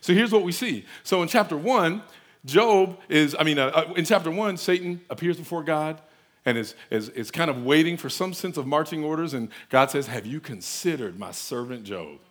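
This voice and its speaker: A man's voice: on the high side, normal speed. A man preaching a conversational sermon, earnest and emphatic, speaking off the cuff.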